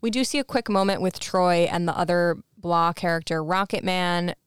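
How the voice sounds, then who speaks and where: A woman co-hosting a podcast, recapping a movie in casual chat and slipping into quick voices for the characters. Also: fairly low pitch, fairly even intonation, clear, resonant tone, no room sound, studio quality. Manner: retells scenes with quick put-on quotes. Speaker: podcast co-host.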